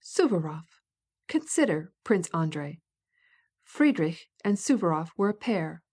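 A woman's voice: on the low side, sing-song, measured pace, a little mellow, husky, full character voice. A woman voicing an irascible old prince, blustering and sarcastic, in an audiobook reading. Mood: scornful.

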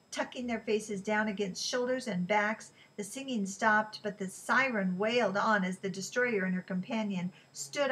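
A woman's voice: medium pitch, poor audio. Woman narrating an audiobook. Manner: steady, even storytelling. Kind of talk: scripted narration.

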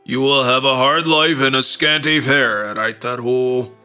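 A man voicing a stern, stately old male thunder god who speaks in a slow, measured, formal way. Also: mid-range voice, fairly even intonation, sharp tone, smooth, soft background music. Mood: solemn.

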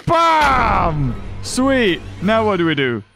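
Man, high voice, gaming commentary, exclaiming a lot, faint music behind. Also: normal speed. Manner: excitable, exclaiming. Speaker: gaming channel host. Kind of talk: let's-play commentary.

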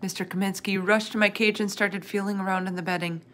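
A woman's voice: mid-range voice, level tone, quick pace, fairly bright tone, a little hiss or hum. A woman reading a children's chapter book aloud, narrating expressively in the first person. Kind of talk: storybook read-aloud.

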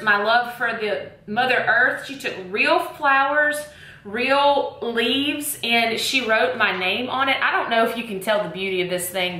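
A woman's voice: fairly high pitch, sharp tone, echoey room. A young woman with a Southern US accent, chatting casually and gushing to camera about her favorite things as a teacher vlogger. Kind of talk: casual product chat to camera. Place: room lit with bright lights.

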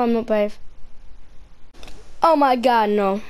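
A woman's voice: on the high side, moderate pace, darkish tone. A woman playing a horror game on her channel, talking through it in a jumpy, frightened way, often exclaiming and screaming. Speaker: gaming YouTuber. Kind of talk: horror game let's-play commentary. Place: at home, wearing headphones.

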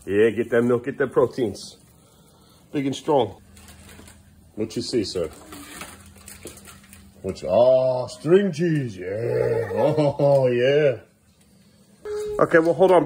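A man's voice: mid-range voice, darkish tone, a little hiss or hum. A father vlogging at home in his kitchen, talking casually and playfully to his young sons, often slipping into sing-song baby talk. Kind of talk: casual home vlog chat with his children.

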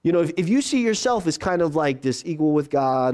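A male pastor preaching a sermon in a conversational way, repeating key phrases and slowing down for emphasis. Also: fairly high pitch, big pitch swings, a little mellow.

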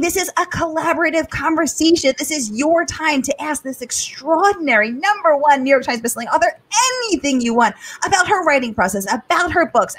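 A woman's voice: high voice, a bit bright. A middle-aged woman from the area, hosting a live-streamed author interview with bubbly enthusiasm. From Boston area. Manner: bubbly, enthusiastic, reads viewer comments aloud. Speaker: host.

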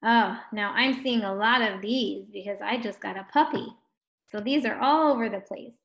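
A woman's voice: medium pitch, moderate pace, vocal fry, fairly bright tone. A woman teaching a recorded phonics lesson to first graders, sounding out words and praising the children.

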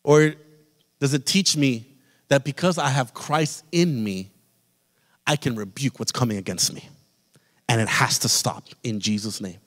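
A man's voice: mid-range voice, a little slow, pauses often. Impassioned male pastor in echoing church. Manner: impassioned preaching, addresses the congregation directly. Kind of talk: sermon. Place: church sanctuary. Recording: long reverb of a church hall.

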